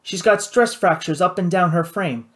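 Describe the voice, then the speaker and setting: A man voicing an older white-bearded engineer in an audiobook, earnest and explaining, pitched up from his narration. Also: normal speed, a bit bright. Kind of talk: audiobook character voice.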